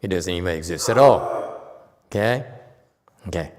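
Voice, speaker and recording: A man giving an unhurried dharma lecture as a Buddhist teacher, often pausing to check in with his listeners. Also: sits low, lively intonation. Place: temple hall. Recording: long hall reverb.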